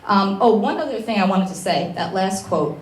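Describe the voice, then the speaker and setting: A woman's voice: mid-range voice, lively intonation, moderate pace. A woman astrologer giving a personal talk at a networking event, chatty and emotional, laughing often and tearing up at times. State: tearful at times. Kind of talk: personal talk to a live audience. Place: event room with an audience. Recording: roomy echo with faint background noise.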